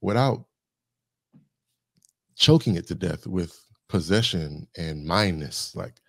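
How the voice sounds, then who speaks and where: A man's voice: low voice, animated, slow, creaky, dry recording, clean studio sound. A man talking as a guest on a podcast, reflective and thoughtful, working through ideas with lists and examples. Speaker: guest, communication specialist.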